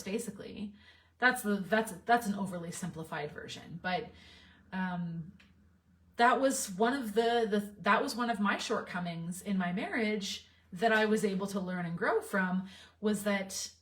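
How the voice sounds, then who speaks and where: Woman relationship coach, 30s to 40s, candid talk to camera, heartfelt and reflective, mid-pitched, slightly distant sound. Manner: heartfelt and reflective, with soft laughs and fillers.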